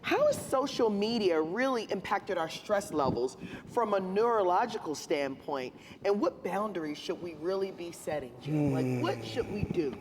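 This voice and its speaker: A woman moderating a conference panel, upbeat and energetic as she coaxes the audience and asks questions. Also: lowish voice, normal speed, hardly any pauses, noisy background. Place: large hall on a conference stage. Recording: long hall reverb with faint ambience.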